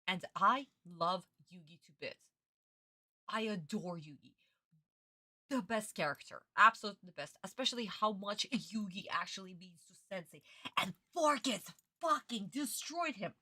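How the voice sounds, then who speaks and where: A woman's voice: mid-range voice, bright, forceful tone, slightly rough, no echo, clean studio sound. A young woman ranting in a casual live-stream reaction, exasperated and swearing freely.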